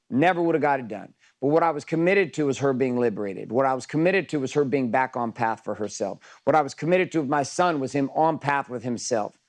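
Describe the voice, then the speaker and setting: A man coaching a group in an intense, emphatic motivational talk, swearing freely. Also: mid-range voice.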